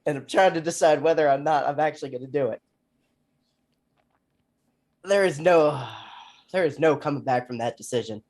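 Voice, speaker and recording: A man's voice: on the high side, normal speed, long pauses, darkish tone. A man playing a tabletop role-playing game, thinking aloud in a hesitant, deliberating way. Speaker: player.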